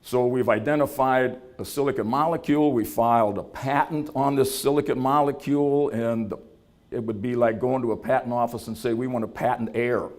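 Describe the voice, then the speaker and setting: A man's voice: mid-range voice, steady tone, moderate pace, darkish tone. A man giving a business talk at an event, telling a story in a folksy way and acting out the voices of people he quotes. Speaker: startup founder giving a talk. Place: event venue.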